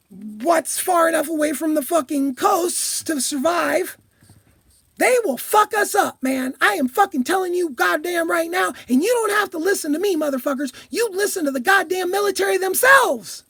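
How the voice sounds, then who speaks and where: Woman vlogger, very high-pitched, heated profane rant, dry close sound. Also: dry recording. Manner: profane, heated, shouting at times. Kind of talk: angry political rant.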